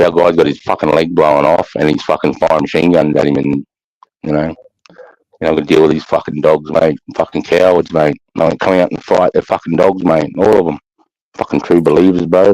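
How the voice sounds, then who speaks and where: Sweary deep-voiced Australian veteran. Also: male voice, darkish tone, dry recording, poor audio. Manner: blunt, sweary, heavy use of "mate" and "bro". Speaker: army veteran guest. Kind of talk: casual podcast conversation.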